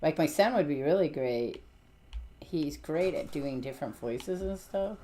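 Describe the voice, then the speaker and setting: Low-voiced woman chatting while gaming. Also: animated, a little slow, warm tone, slight background noise. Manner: rambling, chatty, full of fillers and restarts. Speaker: streamer. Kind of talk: casual chat while gaming.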